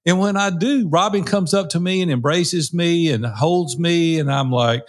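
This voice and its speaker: A man's voice: high-pitched, lively intonation, normal speed, hardly any pauses. Earnest, candid older man co-hosting. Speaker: podcast co-host. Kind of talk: casual podcast conversation.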